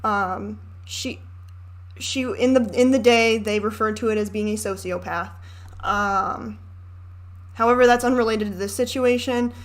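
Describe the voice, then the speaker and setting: A woman's voice: medium pitch, fairly even intonation, unhurried. A woman in her twenties giving candid, chatty commentary over a film, swearing and ranting as she goes. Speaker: reaction video host.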